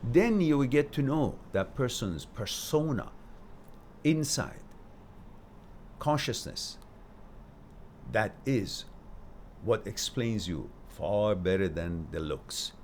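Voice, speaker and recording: A man hosting a live stream, telling stories and giving advice in a casual, animated way, jumping from loud emphasis to quiet asides. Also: lowish voice, takes it slowly, pauses often, slight background noise.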